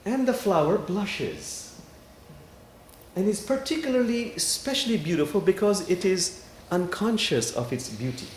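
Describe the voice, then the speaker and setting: A man, an imam, giving a sermon in a worship hall and telling parables with dramatic pauses. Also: high-pitched, slight background noise. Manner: animated storytelling with dramatic pauses. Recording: echoey hall, faint ambience.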